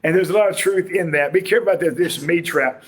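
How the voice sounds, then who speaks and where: A man delivers a sermon in a folksy, conversational manner, slipping jokes and homespun stories into his points. His voice sits high for a man. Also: quick pace. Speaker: preacher.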